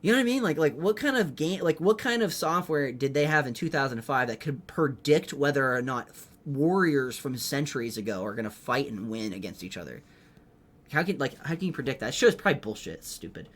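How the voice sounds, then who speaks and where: A young man hosting a comedy podcast, rambling in an animated, profane way and filling his talk with "like.". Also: medium pitch, a little fast. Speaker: podcast host, rookie stand-up comedian.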